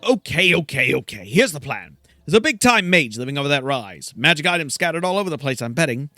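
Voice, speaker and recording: A man's voice: on the high side, big pitch swings, a little fast, pushed and bright, dry recording, faint music behind, exaggerated voice. A man voicing a brash, scheming male rogue who blusters and complains. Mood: blustering. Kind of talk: video game voice acting.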